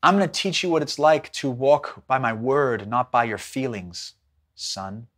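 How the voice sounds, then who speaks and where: A man voicing the Lord as a gentle, firm male divine voice in a sermon, speaking hushed, slow and patient. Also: mid-range voice, voice pushed down. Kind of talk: acted-out sermon dialogue.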